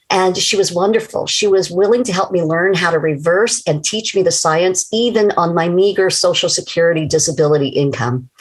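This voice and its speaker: A woman's voice: on the low side, breathy edge, poor audio. An older woman telling her personal story in an earnest, emotional way, as a scripted testimony.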